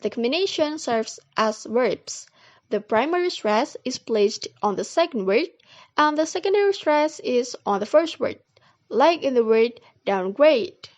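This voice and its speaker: A young woman with an Indonesian accent, a student reading out a class presentation in a steady, read-aloud way. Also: high-pitched, measured pace. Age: young adult.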